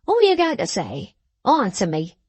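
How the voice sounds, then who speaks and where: A woman's voice: mid-range voice, wildly swooping pitch, breathy edge, dry recording. A woman voicing a haughty, jealous young male apprentice who speaks in a lofty, melodramatic way. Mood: haughty, menacing. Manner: lofty, melodramatic, slow and emphatic.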